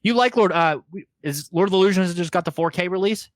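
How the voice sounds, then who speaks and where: Man, podcast co-host, slightly high voice, dry close sound, reads credits, swears casually. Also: quick pace, no room sound. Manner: profane, jokey. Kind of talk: casual chat, reading film credits.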